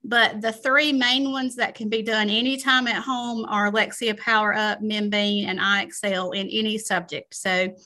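A woman with a Southern American accent, a school administrator, explaining programs to parents at a school meeting in a measured way with frequent ums. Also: medium pitch, sharp tone. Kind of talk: informational presentation at a school meeting.

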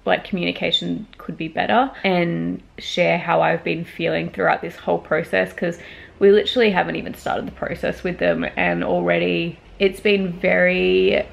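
A woman's voice: on the low side, moderate pace, vocal fry. A young woman vlogging, upset and frustrated, venting about her week with a teary voice after crying. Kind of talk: casual personal vlog.

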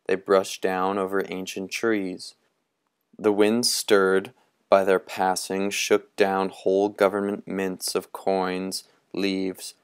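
A man reading a story aloud with a slow, dramatic, drawn-out delivery. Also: deep voice, clean tone, dry recording, clean studio sound. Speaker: reader.

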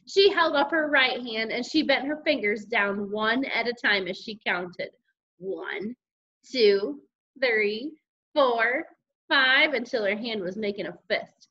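A woman teacher reading a children's chapter book aloud, animated and giving the characters their own voices. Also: fairly high pitch, unhurried. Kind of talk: read-aloud storytelling. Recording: dull lo-fi recording with faint noise.

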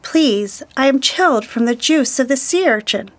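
A woman's voice: sits high, animated, normal speed. A woman voicing Raven, a clever male trickster bird, pleading and then giving orders in a children's story.

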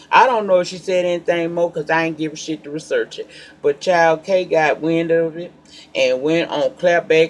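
A man hosting a celebrity gossip vlog in a sassy, emphatic way, talking straight to his viewers and breaking into loud, pointed bursts between calmer asides. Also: a little high, a little hiss or hum. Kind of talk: casual gossip commentary.

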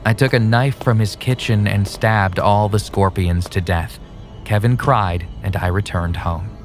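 Low-voiced man narrating a horror story. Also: a little slow. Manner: steady, plain storytelling. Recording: soft music underneath.

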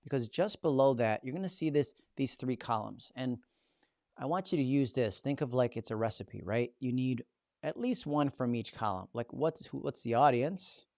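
Gravelly man hosting a casual live tutorial. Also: mid-range voice, expressive, normal speed, darkish tone, no echo, studio quality. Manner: casual, chatty, jokey asides to viewers. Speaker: host teaching a live session.

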